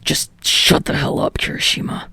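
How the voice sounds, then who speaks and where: A woman voicing a surly young man who swears and speaks in gruff, curt bursts. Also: normal speed, bright, forceful tone, no echo, natural voice.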